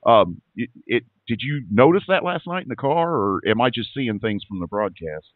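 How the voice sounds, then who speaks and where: A man's voice: medium pitch, animated, moderate pace, dry recording. A man hosting a racing show, chatting casually and folksily with a guest, often repeating his words. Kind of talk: casual interview. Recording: tinny phone-like line.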